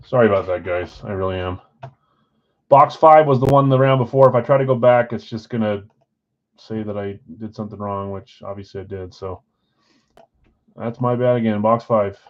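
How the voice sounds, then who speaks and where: A man's voice: on the low side, normal speed. Chatty self-mocking man, lo-fi stream. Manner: self-deprecating, chatty, talks to chat viewers. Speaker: live card break host. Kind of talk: casual live-stream chat. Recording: slightly dull lo-fi stream audio.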